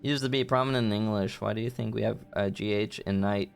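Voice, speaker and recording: A man's voice: fairly low pitch, steady tone, fast, vocal fry. A man streaming a video game live, chatting with viewers and swearing in frustration at a boss fight. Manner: swearing, frustrated, breaks into shouts. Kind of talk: live gameplay commentary. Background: game music.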